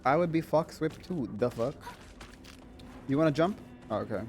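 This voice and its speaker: Chatty, excitable male game streamer. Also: a little high, moderate pace, a little hiss or hum. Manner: chatty and excitable, swears and laughs often. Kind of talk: casual gameplay commentary.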